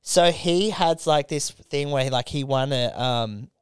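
A young man co-hosting a casual podcast, rambling through sweary stories and mimicking people in high voices. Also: a little slow, clear, resonant tone, no echo, clean studio sound. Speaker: podcast co-host.

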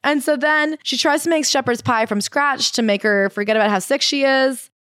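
A woman's voice: high-pitched, a bit bright, dry recording, studio quality. A woman co-hosting a comedy podcast, recapping a book in a sarcastic, casual way. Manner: sarcastic, quick reading of quotes. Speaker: podcast co-host.

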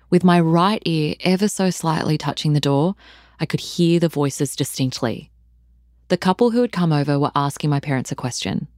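A woman reading aloud from her own memoir in a measured, intimate storytelling manner. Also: sits low, a little mellow, no room sound, studio quality. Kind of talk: audiobook-style memoir reading.

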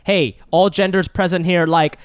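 A playful, goofy man with a high voice, bantering on a comedy podcast. The sound is dry and close, with no room around it. He hams up his introductions with a loose, joking delivery. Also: fairly even intonation, normal speed, smooth, dry recording. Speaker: podcast co-host. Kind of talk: casual comedic chat. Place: New York.

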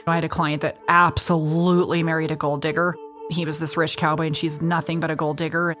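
Blunt, animated woman attorney telling stories. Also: low-pitched, fairly quick. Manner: animated, blunt, swearing storyteller acting out quotes. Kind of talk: storytelling in a podcast interview. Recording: music bed under the voice.

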